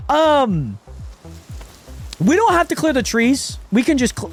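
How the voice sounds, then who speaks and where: A young man streams a game and talks to his viewers, his voice sitting high and leaping around with every reaction. He swings from cheery greetings to muttered frustration. Faint music plays underneath. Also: measured pace. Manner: animated, swings between excited greetings and exasperated muttering. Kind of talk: casual live-stream chat while gaming.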